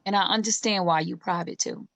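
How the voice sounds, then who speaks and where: A woman's voice: lowish voice, fairly quick, vocal fry, no room sound. A woman hosting a casual livestream, talking in an emphatic, encouraging, preachy way. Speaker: livestream host.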